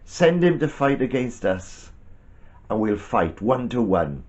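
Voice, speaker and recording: A man voicing a huge, boastful giant warrior in a storybook reading, speaking slowly and booming out his challenge. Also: big pitch swings, a little mellow, lo-fi sound. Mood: taunting.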